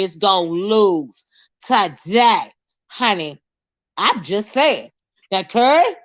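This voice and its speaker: Woman, livestream host, teasing banter, muffled lo-fi sound. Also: lowish voice. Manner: animated, teasing, Southern-style banter. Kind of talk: casual live chat with viewers. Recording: slightly dull lo-fi stream audio.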